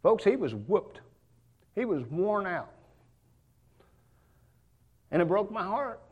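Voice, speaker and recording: A man's voice: high voice, big pitch swings, slow pace, husky, dull audio. A man preaching a sermon in a church, folksy and joking in a conversational way.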